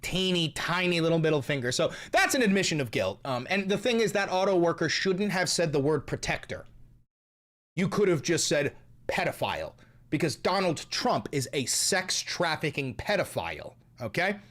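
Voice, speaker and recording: Profane, animated man ranting on stream. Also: fairly high pitch, normal speed. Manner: mocking. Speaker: streamer and host. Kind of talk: casual news commentary.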